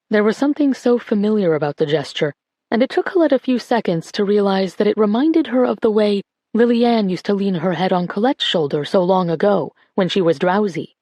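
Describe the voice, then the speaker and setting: A woman narrating an audiobook in a calm, even voice on a close studio mic. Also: medium pitch, dry recording.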